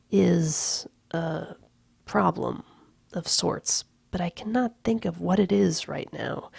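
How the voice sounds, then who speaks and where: A woman reads a novel aloud in a slow, hushed manner, slipping into whispers now and then. Her voice is low and gravelly. The sound is dry and close, with no room echo. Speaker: reader. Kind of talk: audiobook-style novel reading.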